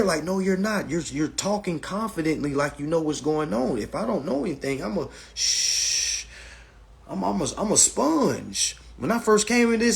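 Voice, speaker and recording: Male livestream host, husky, blunt and profane, lecture-style. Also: sits high, animated, normal speed. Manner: blunt, profane and lecturing, repeats "all right". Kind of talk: casual livestream talk. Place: indoors, livestream.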